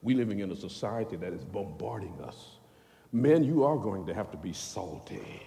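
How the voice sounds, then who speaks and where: A man preaching a sermon in a folksy, animated way, swinging between loud bursts and hushed asides. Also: sits low, normal speed, vocal fry. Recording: long hall reverb.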